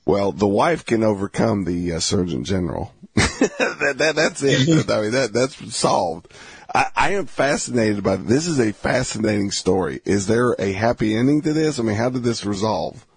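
A man hosting an interview, cutting in with exclamations, quick questions and joking asides. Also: on the low side, lively intonation, slightly rough, no room sound. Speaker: interviewer host. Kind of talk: interview conversation.

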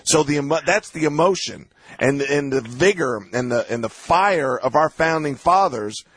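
Husky impassioned talk radio host man. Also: a little high, expressive, moderate pace, no room sound. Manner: impassioned, repetitive, rising to heated outbursts.

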